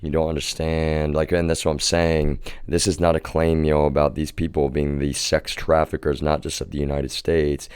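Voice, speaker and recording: A man's voice: very deep voice, completely flat delivery, moderate pace, hardly any pauses, a little mellow, clear, resonant tone, no echo. A young man hosting a livestream, giving a heated, profane monologue and often calling his viewers "y'all". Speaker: livestream host.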